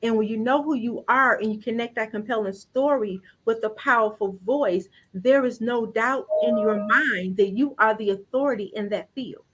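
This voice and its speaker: A woman personal branding coach with a high, light voice, speaking emphatically in a preacherly cadence. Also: normal speed, few pauses, a little hiss or hum, low-quality recording. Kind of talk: inspirational coaching talk.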